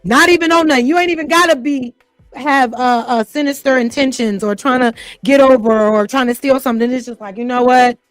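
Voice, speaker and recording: A woman's voice: high-pitched, a little fast, dry recording, soft background music. A woman hosting casual reaction commentary, talking in a blunt, profane and heated way and firing off rhetorical questions. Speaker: host.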